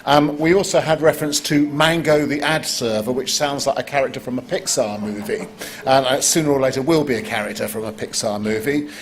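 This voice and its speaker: A man hosting a live competition, joking wryly and bursting into excited exclamations. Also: medium pitch, brisk. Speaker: competition host. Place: conference stage before an audience.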